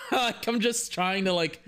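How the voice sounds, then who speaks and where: A man's voice: high voice, takes it slowly, fairly bright tone, a little hiss or hum. A young man in a casual, rambling sports rant that is profane and full of self-corrections.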